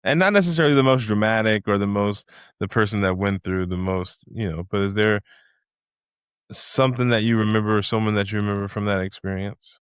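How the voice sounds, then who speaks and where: Male interviewer, smooth, lowish voice, curious questions. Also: brisk, no room sound, clean studio sound. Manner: asks thoughtful, open questions.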